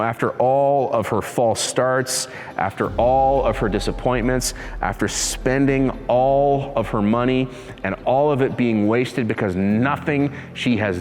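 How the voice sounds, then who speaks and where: A man's voice: mid-range voice, long reverb tail. A male pastor giving a conversational sermon, laughing easily and acting out the people in his story. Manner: conversational preacher, acts out voices, laughs easily.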